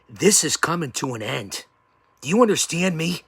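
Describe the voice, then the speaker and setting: A man cuts a theatrical wrestling-style promo as host, his voice gravelly and husky. He bounces between bellowing hype and low, menacing near-whispers. His pitch leaps all over the place. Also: big pitch swings, normal speed, no echo, clean studio sound. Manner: theatrical, swinging from yelling to hushed threats. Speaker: show host.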